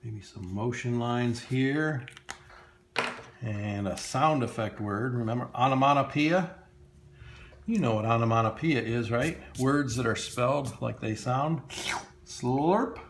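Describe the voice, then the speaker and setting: A cartoonist man guides children through a drawing lesson at a slow, easy pace. His voice sits at an ordinary pitch, and he speaks playfully and directly to the kids, with frequent chuckles. A faint hum of noise runs underneath. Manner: playful, talks straight to children, chuckles often.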